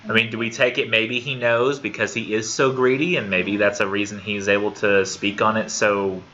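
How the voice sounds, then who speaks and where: A man's voice: fairly low pitch, flat delivery, moderate pace, bright, forceful tone. A man teaching a college literature class, talking casually and thinking aloud, often repeating words as he goes. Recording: dull lo-fi classroom recording with faint noise.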